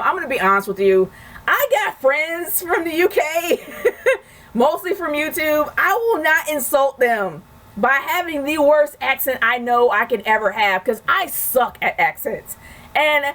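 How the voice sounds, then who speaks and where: A woman in a relaxed home video, talking through viewer questions one after another. She speaks frankly and casually, with restarts and easy laughs, her voice sitting at an ordinary middle pitch. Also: low-quality recording. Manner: chatty, frank, rambling with restarts and light laughs. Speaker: YouTube host answering viewer questions. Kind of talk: casual chat.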